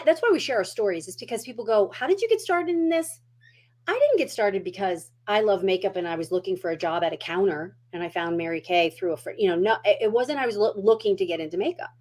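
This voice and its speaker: A middle-aged woman hosting a casual makeup tutorial at home, chatty and down-to-earth as she demonstrates. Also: mid-range voice.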